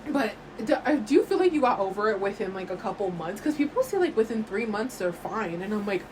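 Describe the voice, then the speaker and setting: A woman's voice: mid-range voice, big pitch swings, fairly quick, darkish tone, a little hiss or hum, poor audio. A woman co-hosting a podcast, chatting casually and rambling through a personal story with lots of "like". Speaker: podcast co-host. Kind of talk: casual chat.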